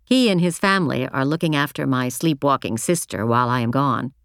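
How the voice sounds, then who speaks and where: Female audiobook narrator, low voice, measured reflective first-person read, dry booth sound. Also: animated, smooth, no room sound.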